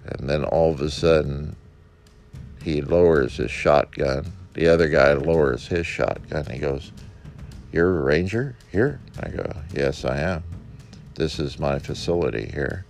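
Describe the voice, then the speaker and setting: A man's voice: very deep voice, unhurried, gravelly, darkish tone, soft background music. A male park ranger telling a personal anecdote and acting out the dialogue of each person in it. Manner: acts out the dialogue, quoting each speaker.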